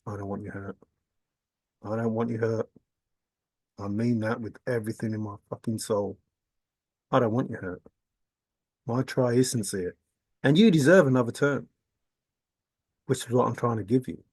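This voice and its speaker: A man's voice: mid-range voice, normal speed, pauses often, a little mellow, no echo. Man, intense rambling monologue, repetitive, swearing, dry close sound. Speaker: video blogger.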